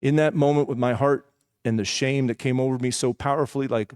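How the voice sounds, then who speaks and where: A man preaching in a church, sharing his own story in a candid, conversational way and tossing in asides to the congregation. His voice sits at a middle pitch, and the recording is dry and close, with little room sound. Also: steady tone, a little fast, darkish tone, clear, resonant tone, no echo. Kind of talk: personal testimony sermon.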